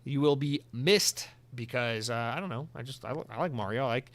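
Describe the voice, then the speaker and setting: Young guy rambling on his solo podcast, super fast, dry close mic, keeps making fun of himself. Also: medium pitch, a bit bright, dry recording. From United States. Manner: rambling, self-mocking, jokey asides. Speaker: podcast host.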